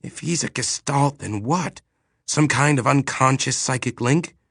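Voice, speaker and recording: A man's voice: mid-range voice, gravelly, a bit bright, no room sound, studio quality, pitched above the performer's own voice. Guy narrator doing a fed-up sarcastic space captain, raises his voice a lot. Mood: exasperated. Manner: sardonic, quick-tempered, exasperated. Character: exasperated human starship captain, sardonic.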